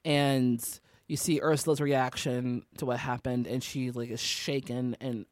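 A young podcast co-host with a middle-pitched voice talks through a TV episode in a casual, halting way, full of "like". The sound is dry and close. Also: flat delivery, no echo. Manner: chatty, halting, heavy use of "like". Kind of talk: casual TV recap chat.

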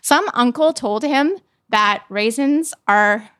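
A woman's voice: on the high side, slow, sharp tone, dry recording, clean studio sound. A woman in her thirties from Canada, telling stories in casual chat and laughing often. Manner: laughs often, chatty storytelling.

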